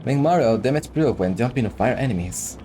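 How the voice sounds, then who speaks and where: A man's voice: mid-range voice, animated, a little fast, warm tone, slight background noise. A man giving casual, joking commentary while playing a video game, talking to the viewer with self-mocking asides. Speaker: let's play host. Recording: faint game music underneath.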